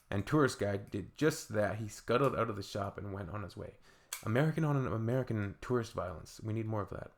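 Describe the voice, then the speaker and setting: A Canadian man reads viewer comments aloud, his low voice gravelly with fry. He breaks in with dry, sarcastic asides in a Canadian accent. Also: lively intonation, fairly quick. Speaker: reaction video host.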